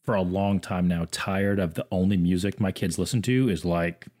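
A man co-hosting a podcast, chatting in a relaxed, jokey way about his kids. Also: low voice, normal speed. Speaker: co-host, father. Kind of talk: casual chat.

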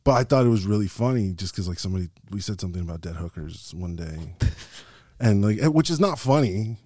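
A man chatting as a podcast guest, telling crude, loud stories with lots of laughter. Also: fairly low pitch, lively intonation, fast talker, no room sound. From Mexican heritage. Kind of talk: casual chat.

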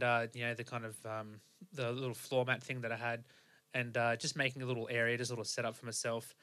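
A young man with an Australian accent tells his story in a loose, meandering way, circling back and restarting his sentences. His voice sits at an ordinary pitch with a bright, forward edge. It is a casual podcast monologue. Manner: rambling, many fillers and restarts. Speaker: podcast host.

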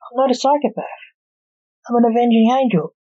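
A woman's voice: on the high side, brisk, voice pushed up, natural voice. A woman voicing a male sorcerer who talks in a playful, mocking way. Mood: teasing. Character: male sorcerer, amused and teasing. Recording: dull lo-fi recording.

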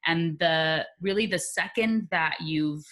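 A woman guest in a conversational interview, explaining her ideas in a lively way with acted-out examples and laughter. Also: lowish voice, slow.

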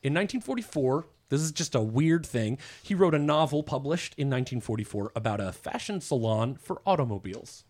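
A man's voice: medium pitch, expressive, brisk, hardly any pauses, a little mellow. A man presenting as a guest on a casual podcast, explaining with lots of fillers and restarts. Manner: hesitant, full of fillers.

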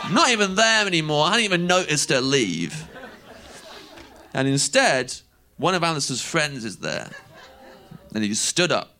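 A man's voice: mid-range voice, creaky. A young man from England with an English accent, telling a long self-mocking story on stage as a stand-up comedian. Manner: animated, self-mocking, laughing through lines.

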